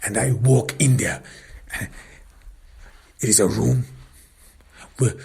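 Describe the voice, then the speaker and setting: A man telling a dark first-person crime story in an intense, often whispered way, with many restarts. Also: medium pitch, extremely slow, creaky, breathy edge.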